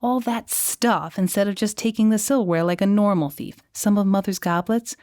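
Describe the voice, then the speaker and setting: A woman voicing a playful, coy young runaway princess for an audiobook, lifting her voice higher. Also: steady tone, moderate pace, a little mellow, no room sound, clean studio sound, lightly acted.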